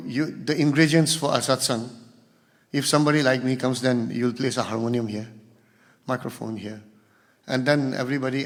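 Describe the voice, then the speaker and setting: A man gives a spiritual talk to a gathering, acting out dialogue as he tells stories. His voice sits a little high, and a long reverb trails off every phrase in a large hall. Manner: storytelling, acts out quoted dialogue. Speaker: guest speaker.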